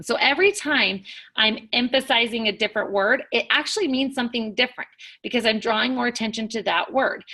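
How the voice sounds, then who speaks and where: A woman teacher recording a lesson, talking clearly and stressing words as she reads examples aloud. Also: a little high, pushed and bright.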